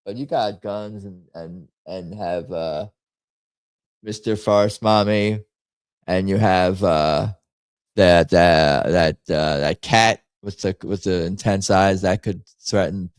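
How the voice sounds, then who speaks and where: Low-voiced man rambling on a stream. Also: takes it slowly, clear, resonant tone, no room sound. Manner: rambling, thinks out loud, lively jokey asides. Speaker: livestream host. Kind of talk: casual chat reacting to memes and viewer comments.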